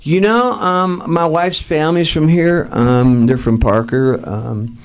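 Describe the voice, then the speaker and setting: A man in his fifties from Southern California, a rock singer guest telling lively anecdotes in a casual interview and laughing often. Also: fairly high pitch, takes it slowly, smooth. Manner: animated, laughs often, acts out voices in anecdotes.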